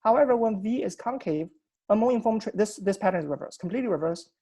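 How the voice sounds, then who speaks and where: A man presenting at an academic seminar over a video call. His voice is gravelly, mellow and a little husky. He explains technical ideas methodically and often restarts his sentences. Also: high-pitched, expressive, fast.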